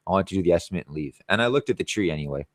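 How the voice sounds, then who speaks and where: A man's voice: low-pitched, expressive, very fast, no echo, studio quality. A man, a tree-cutting contractor, tells a rambling, boastful story in a casual vlog, swearing constantly.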